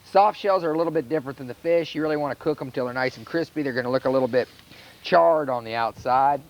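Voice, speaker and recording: Laid-back Carolina chef talking you through a recipe. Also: male voice, mid-range voice, fast. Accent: North Carolina. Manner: relaxed, plainspoken, step-by-step instruction. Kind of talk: cooking demonstration. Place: outdoor charcoal grill by a house. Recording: dull lo-fi VHS recording.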